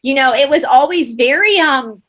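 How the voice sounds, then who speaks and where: A woman in her thirties from Georgia with a Southern accent, telling lively anecdotes in a casual chat. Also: high-pitched, moderate pace. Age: 30s. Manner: animated anecdotes. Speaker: guest.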